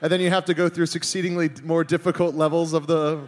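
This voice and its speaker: A man's voice: a little high, flat delivery, fast. A man on a comedy panel, wry and sarcastic. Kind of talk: casual comedy chat.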